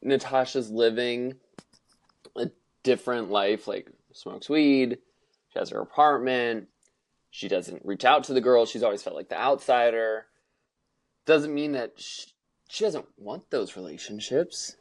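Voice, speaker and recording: A young woman co-hosting a podcast in casual chat, animated, acting out movie lines and swearing casually. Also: a bass voice, measured pace. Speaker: podcast co-host.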